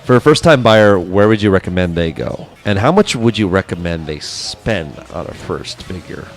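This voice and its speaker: A man's voice: sits low, animated, moderate pace, soft background music. A man hosting a studio interview live stream, upbeat and chatty, reading out viewer comments. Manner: upbeat, reads chat comments aloud. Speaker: host.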